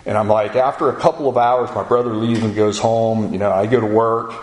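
A man's voice: on the low side, fairly even intonation, a little fast, darkish tone. A man sharing his personal testimony as a spoken story, acting out the back-and-forth of conversations with "I go" and "he goes". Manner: storytelling that acts out dialogue with "I go" and "he goes". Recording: roomy echo with faint ambience.

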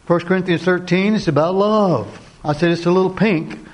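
A man's voice: sits high, normal speed. A man giving an earnest, sermon-like talk to a Christian men's group, repeating key phrases and asking direct questions. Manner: asks the audience direct questions. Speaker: Christian men's ministry speaker.

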